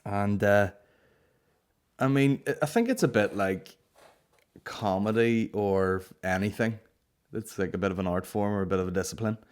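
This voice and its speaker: A man's voice: on the low side, moderate pace, pauses often, clear, resonant tone. A young man with a Northern Irish accent, hosting a podcast in casual, rambling chat full of swearing and fillers. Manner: swears freely, rambling storytelling with frequent fillers. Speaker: podcast host.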